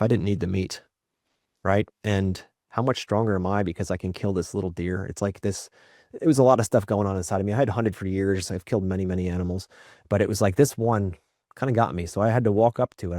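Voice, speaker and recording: This man's voice sits low and moves at a quick pace as he, a dad and podcast guest, tells candid stories in a reflective, conversational way. He keeps asking "right?" and performs the quotes energetically, all in a dry, studio-quality recording.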